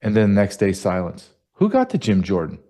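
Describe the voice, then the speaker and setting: A man's voice: fairly low pitch, huge pitch swings, normal speed, mellow. A man hosting a political commentary show, combative and mocking, firing off rhetorical questions. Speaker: show host.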